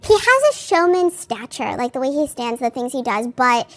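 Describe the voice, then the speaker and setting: A woman's voice: sits high, very animated, normal speed, fairly bright tone. A woman podcast host giving casual, chatty commentary on a court case, full of "like" fillers and candid asides.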